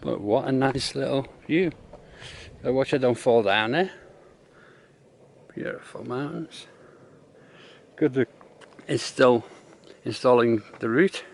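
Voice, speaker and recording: Slow, gravelly man in his fifties. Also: mid-range voice, slight background noise. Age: 50s. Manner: dry, jokey asides. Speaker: hiking vlogger's partner. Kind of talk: casual banter on a hike. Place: outdoors on a mountain trail.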